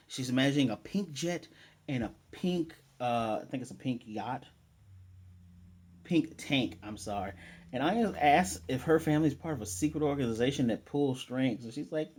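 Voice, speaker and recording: A man with a medium-pitched voice talks through an anime episode in a relaxed, chatty way. He keeps slipping into quick snatches of the characters' lines as he retells scenes, then drops back into his own commentary. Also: husky. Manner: animated retelling, quoting characters in passing. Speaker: anime reviewer. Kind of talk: casual recap commentary.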